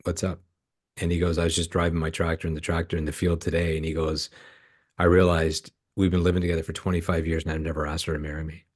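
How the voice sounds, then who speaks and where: A man's voice: low voice, little pitch movement, quick pace, breathy edge. A middle-aged man from Canada, a ministry founder and podcast guest, telling stories in an earnest, emotional way and acting out the dialogue. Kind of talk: storytelling in a podcast interview.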